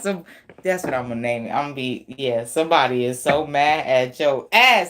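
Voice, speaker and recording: A woman's voice: low-pitched, expressive, slow, long pauses, fairly bright tone, slight background noise. A woman giving a casual tarot reading, blunt and profane, laughing often as she talks. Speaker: tarot reader.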